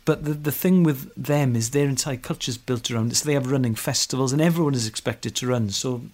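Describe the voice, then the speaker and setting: A man's voice: mid-range voice, a little fast, darkish tone. A man co-hosting a podcast, telling stories in a casual, enthusiastic way and laughing often. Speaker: podcast co-host. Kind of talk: casual chat.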